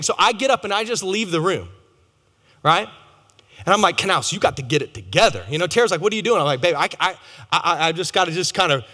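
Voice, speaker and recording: Male pastor in his thirties, casual storytelling sermon, slightly high voice, echoing chapel. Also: sharp tone. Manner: conversational and humorous, addresses audience directly. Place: large chapel. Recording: long hall reverb.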